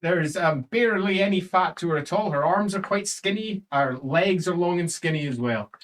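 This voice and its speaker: A man running an improvised tabletop game as game master, narrating scenes playfully and quickly. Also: sits high, a bit bright, slight background noise. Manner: playful, quick descriptive narration with trilled sounds.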